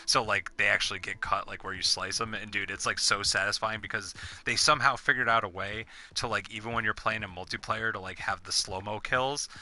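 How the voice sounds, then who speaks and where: A man's voice: fairly low pitch, steady tone, a little fast, sharp tone. A young man chatting casually while gaming, rambling with lots of fillers and swearing. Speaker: gamer.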